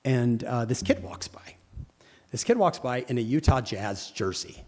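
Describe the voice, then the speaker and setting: A man's voice: mid-range voice, measured pace, long reverb tail. A man teaching a congregation in a sermon, telling stories and acting out the people in them. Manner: animated storyteller acting out quoted people. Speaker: religious teacher speaking to a congregation. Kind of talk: sermon with storytelling. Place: church hall.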